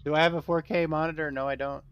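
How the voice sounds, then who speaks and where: A man's voice: fairly high pitch, level tone, quick pace, lo-fi sound, slight background noise. A man hosting a casual gaming stream on a headset, greeting viewers by name and laughing often.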